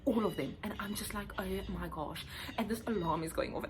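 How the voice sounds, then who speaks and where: A woman's voice: medium pitch, fast talker, darkish tone, a little hiss or hum. A young woman, a first-year teacher, telling a story in a casual vlog and acting out voices and sounds.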